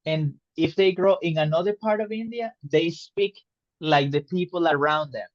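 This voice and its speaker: A man teaching an online English lesson, explaining slowly and patiently and checking understanding with questions. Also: on the high side, dry recording, lo-fi sound. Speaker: English tutor.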